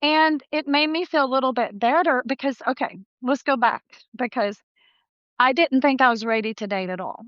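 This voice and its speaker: A woman in her sixties, a dentist appearing as a guest, chats casually in an interview, her high voice at normal speed on a lo-fi recording with no room sound. She's warm and chatty, laughs often, and acts out quoted voices while telling her story.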